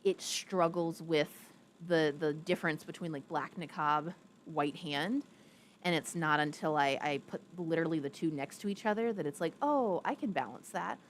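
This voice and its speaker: Speaking at a normal pace, this young woman rambles through a casual live stream and reads comments from viewers out loud. Now and then she turns to a pet and coos in a high, babyish voice. The mic is part of a ring-light streaming rig, with a little hiss or hum in the background.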